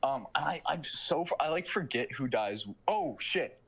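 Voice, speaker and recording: A man's voice: a little high, animated, unhurried, gravelly, fairly bright tone, husky. A young man in casual chat, retelling a film plot in a rambling way full of fillers and swearing.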